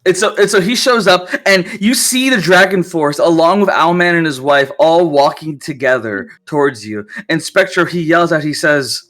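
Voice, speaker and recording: A man narrating as game master of a tabletop game, telling the story with lively energy. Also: a little high, normal speed, hardly any pauses.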